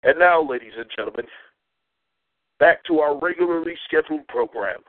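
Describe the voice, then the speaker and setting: A man's voice: on the high side, lively intonation, moderate pace, no room sound, natural voice. A man putting on the voice of a grandiose male radio show announcer, heard over a tinny phone line.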